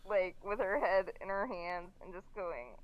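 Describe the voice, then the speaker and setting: A woman's voice: on the low side, expressive, unhurried, highs cut off, a little hiss or hum. A woman playing in a tabletop game, talking hesitantly with many fillers. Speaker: player. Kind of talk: casual tabletop play.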